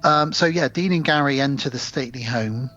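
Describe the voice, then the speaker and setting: A man's voice: mid-range voice, a little fast, bright, forceful tone, highs cut off. A man co-hosting a podcast, retelling film scenes at length in casual chat. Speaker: podcast co-host.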